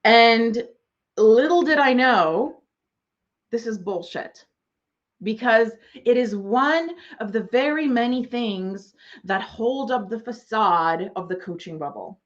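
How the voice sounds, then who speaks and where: A woman's voice: a little high, expressive, slow, muffled recording. A woman ranting in a monologue as an online business coach, sarcastic, swearing freely and mocking other people in exaggerated voices.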